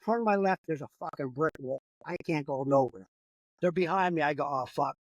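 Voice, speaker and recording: An older man with a fairly high voice tells a long, profanity-laced story in a rambling, animated way. The sound is dry and close, with no room around it. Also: normal speed, no room sound, muffled recording. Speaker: comedian guest. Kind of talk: casual storytelling.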